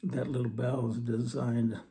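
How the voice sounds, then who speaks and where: Low gravelly man teaching scripture. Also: level tone, very noisy. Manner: earnest, reads verses slowly then comments. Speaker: religious teacher. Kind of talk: scripture study talk.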